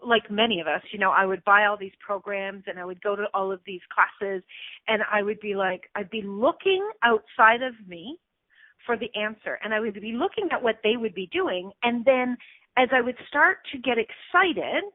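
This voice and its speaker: A woman's voice: mid-range voice, normal speed, no room sound. Woman hosting self-help radio over phone line. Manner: expressive, acts out anxious inner voices. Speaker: radio show host.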